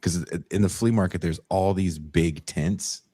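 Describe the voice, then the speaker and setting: Deep and mellow, his voice stays steady and unhurried. The young man co-hosts a podcast, chatting casually through stories where he swears freely and mimics others in dialogue.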